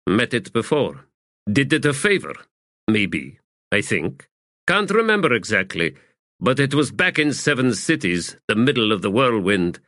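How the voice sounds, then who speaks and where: A man voicing a terse, gruff aging male assassin in an audiobook, with a growling, clipped delivery. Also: medium pitch, very animated, measured pace, a bit bright, no room sound, studio quality. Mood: evasive. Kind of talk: audiobook character voice.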